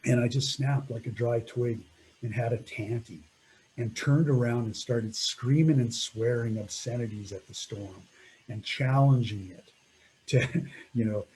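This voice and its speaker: A man's voice: mid-range voice, measured pace, darkish tone, slight background noise, rough recording. A middle-aged man telling a climbing story over slides in a reflective way, often laughing and trailing off.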